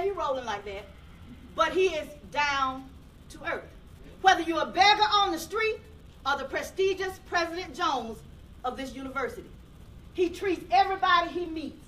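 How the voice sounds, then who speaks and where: A woman's voice: sits high, very animated, brisk, a bit bright, a little hiss or hum. A woman gives a folksy, emotional tribute to a relative and reads a passage aloud. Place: library event room. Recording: voice from a distance.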